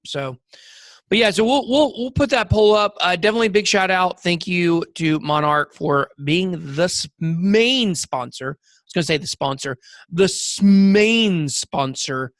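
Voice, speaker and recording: A man's voice: high-pitched, normal speed, a bit bright, dry recording, studio quality. A man co-hosting a podcast, telling rambling, jokey stories with lots of fillers. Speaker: podcast co-host. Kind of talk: casual chat.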